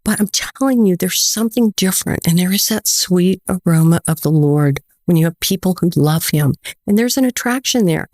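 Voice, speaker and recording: An American woman guest telling lively stories in a casual interview, often acting out quoted dialogue. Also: fairly low pitch, moderate pace, hardly any pauses, no room sound, studio quality. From United States.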